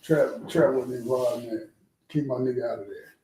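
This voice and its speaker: Animated man talking in an echoey room. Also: medium pitch, moderate pace, a little hiss or hum. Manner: animated storytelling, repeats words, heavy cursing. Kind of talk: casual street talk.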